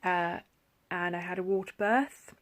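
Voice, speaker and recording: A woman's voice: fairly low pitch, fairly even intonation, measured pace. A woman talking tenderly in a personal vlog, her voice often sinking to a whisper as she reflects. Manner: soft-spoken, often drops to a whisper; heartfelt, tender. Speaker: vlogger.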